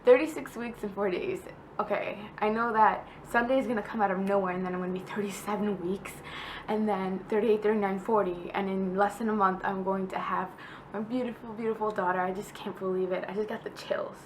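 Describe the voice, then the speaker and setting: A woman's voice: mid-range voice, a bit bright, a little hiss or hum, rough recording. Young female vlogger, chatty, heartfelt, mid-range voice, casual update. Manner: chatty and heartfelt, with many fillers. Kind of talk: casual pregnancy vlog update.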